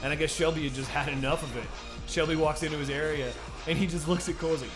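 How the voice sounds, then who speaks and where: A man's voice: fairly high pitch, fairly even intonation, rapid-fire. A man co-hosting a podcast, chatting casually, laughing often, swearing freely and acting out quotes. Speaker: podcast co-host. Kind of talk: casual chat. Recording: background music playing.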